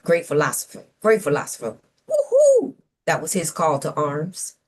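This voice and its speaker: A woman co-hosting a panel talk show, her voice sitting a touch low. She argues by sarcasm and rhetorical questions, posing as just asking. Now and then she lets out a playful whoop. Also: normal speed. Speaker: co-host of a civic talk show. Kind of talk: opinionated panel commentary.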